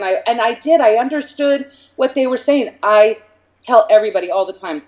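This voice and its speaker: A woman medium talking as an interview guest, telling stories in a lively way and acting out bits of dialogue. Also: fairly high pitch, normal speed. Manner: animated storyteller, acts out dialogue. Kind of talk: casual interview talk. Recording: slightly dull lo-fi sound.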